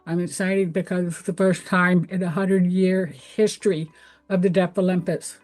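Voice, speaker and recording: A woman's voice: lowish voice, level tone, normal speed, a little mellow. A middle-aged woman with a Southern accent, speaking as a guest in an interview. She tells her story in an earnest, candid way, peppered with fillers. A faint bed of music sits behind her voice. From Tennessee. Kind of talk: interview answers.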